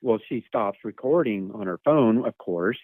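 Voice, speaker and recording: A man's voice: lowish voice, animated, moderate pace, no room sound. Man telling a story over a phone line. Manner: rambling, repeats words, imitates animal calls. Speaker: guest telling an encounter story. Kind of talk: casual storytelling over a call. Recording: tinny phone line, dry.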